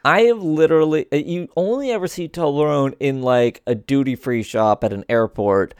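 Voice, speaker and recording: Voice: medium pitch, normal speed, smooth, no echo, studio quality. A podcast co-host in casual chat about a TV episode, easygoing and hesitant with many fillers.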